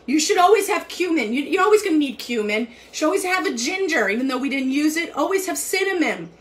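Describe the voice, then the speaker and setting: A woman's voice: high-pitched, very animated, fast talker. A woman hosting a live cooking demo, chatty and upbeat, talking to viewers while she cooks and tastes. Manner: chatty, upbeat, eats and talks at once. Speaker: cooking show host. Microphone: live stream from a kitchen.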